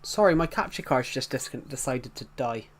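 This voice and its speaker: A man's voice: medium pitch, expressive, normal speed. A man chatting casually on a live stream, greeting viewers and rambling as he reacts to the chat in front of a desktop mic.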